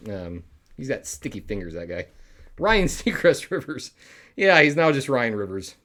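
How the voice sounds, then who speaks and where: A man's voice: medium pitch, very animated, normal speed, fairly bright tone. A man hosting a live comedy stream, chatting casually with viewers in a rambling way with muttered asides.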